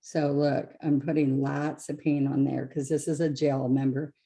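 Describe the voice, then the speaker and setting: A woman's voice: low-pitched, flat delivery, normal speed, warm tone. A woman teaching a live painting class, chatty and explaining each step, often correcting herself as she goes. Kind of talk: live craft demonstration.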